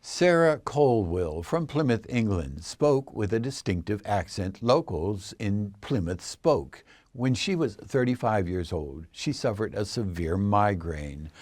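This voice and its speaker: A man narrating a scripted explainer in a measured, assertive way. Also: on the low side, expressive, a little mellow, no room sound, clean studio sound.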